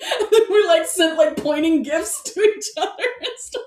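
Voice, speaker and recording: A fairly high-voiced woman co-hosting a podcast, rambling excitedly and laughing often. Her voice sits back from the mic, and the room adds a clear echo. She talks in loose, filler-heavy casual chat. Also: normal speed. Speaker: podcast co-host. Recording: echoey room, distant mic.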